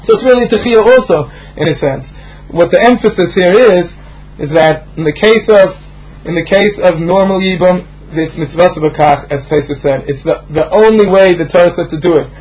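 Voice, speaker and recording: Man, Talmud lecture, explanatory, slightly high voice, muffled lo-fi recording. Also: moderate pace. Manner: explanatory, rhythmic lecturing with frequent fillers. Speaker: Talmud teacher.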